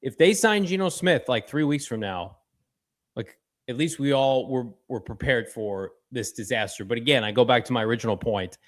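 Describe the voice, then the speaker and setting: A man co-hosting a sports talk show, joking and animated, with sudden jumps in pitch. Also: normal speed.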